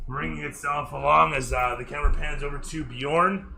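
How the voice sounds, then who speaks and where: A man's voice: on the high side, fairly even intonation, moderate pace, creaky, bright, forceful tone, a little hiss or hum. A man narrating a tabletop game as dungeon master, with loose, rambling descriptions that he corrects as he goes. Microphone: streaming microphone.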